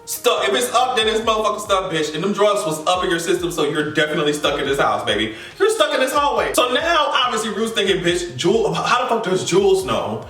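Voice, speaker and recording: A man hosting a reaction channel, recapping an episode in a loud, profane, sassy way and acting out quotes. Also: high-pitched, big pitch swings, quick pace, hardly any pauses. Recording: roomy, distant mic, faint music.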